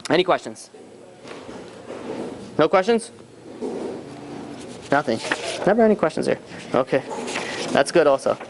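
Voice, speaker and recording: A man's voice: on the high side, sing-song, measured pace, long pauses, background noise. A man, a rabbi, telling a story to a class and acting out the dialogue with lots of restarts.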